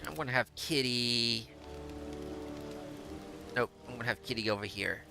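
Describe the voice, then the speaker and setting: A man's voice: medium pitch, normal speed, creaky, music in the background. A man giving casual, rambling gameplay commentary and reading out dialogue choices, often hesitating and restarting. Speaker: gameplay streamer.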